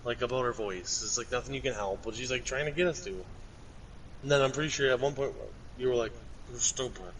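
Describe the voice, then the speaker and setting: A man's voice: medium pitch, fairly quick, a bit bright, poor audio. Rambling young man reading out chats. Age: young adult. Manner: rambling, swears casually, reads messages aloud. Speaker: co-host recounting chat messages. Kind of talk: casual chat.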